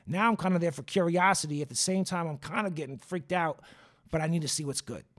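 A young man hosting a podcast, telling a story off the cuff in a loose, profane, animated way. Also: fairly high pitch, quick pace. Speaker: podcast host. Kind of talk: casual storytelling.

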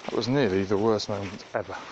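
A man vlogging casually while walking dogs on a muddy country path, chatting to the camera between loud calls to his dogs. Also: lowish voice, fairly even intonation, fast talker. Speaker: dog walker. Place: outdoors on a muddy rural path. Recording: muffled outdoor recording with background noise.

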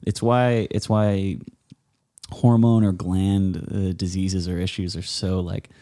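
A man's voice: low-pitched, little pitch movement, slow pace, mellow. A man explaining health ideas in casual conversation, with frequent fillers and restarts and the odd sarcastic aside.

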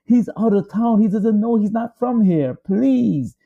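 A man's voice: high voice, unhurried, gravelly, phone-quality sound, pitched above the performer's own voice, heavily acted. A man putting on a frantic begging wife.

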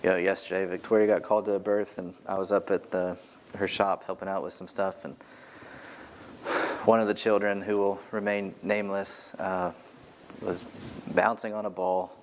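Male pastor, church sermon, earnest and emphatic, repeats his points, somewhat low voice. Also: little pitch movement, normal speed, slight background noise. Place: church sanctuary, from the pulpit.

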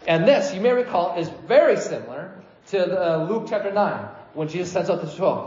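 A man preaching a sermon in a conversational way, getting animated when he quotes people and often restarting his sentences. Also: sits high, moderate pace, slight background noise. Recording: echoey room, slightly dull sound.

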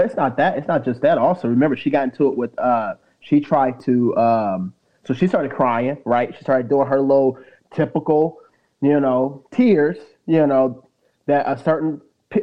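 Man co-host, conversational, animated retelling, dull lo-fi mic. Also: mid-range voice. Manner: animated retelling, acting out quotes. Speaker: podcast co-host. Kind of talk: casual chat.

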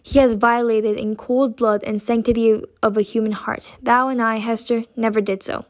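A tormented, guilt-ridden minister speaks in heavy, solemn old-fashioned phrases, read by a woman. The voice sits fairly high and stays quiet. She barely changes her own voice for him. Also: steady tone, normal speed, no room sound, lightly acted. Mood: sorrowful.

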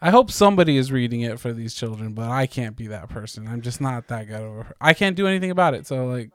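A man's voice: mid-range voice, lively intonation, fast, dry recording, studio quality. A man in his thirties co-hosting a podcast, chatting casually with lots of fillers and the odd swear word. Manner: rambling, with frequent likes and casual swearing. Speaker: podcast co-host. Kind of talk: casual chat.

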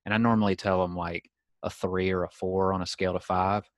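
A young man with a Southern accent hosts a casual podcast chat from his home in San Diego, spinning stories packed with "like." His voice sits low with little pitch movement, runs a little fast, and has no room sound.

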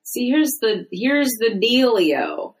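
A woman co-hosting a podcast, dry and teasing, quick to laugh. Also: on the high side, big pitch swings, rough recording. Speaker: podcast co-host. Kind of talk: casual comedic chat.

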